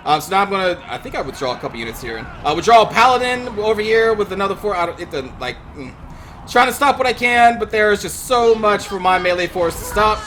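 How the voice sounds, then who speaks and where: A man's voice: high voice, animated, quick pace, fairly bright tone, a little hiss or hum. A man giving gameplay commentary as a channel host, ranting in exasperation and swearing often.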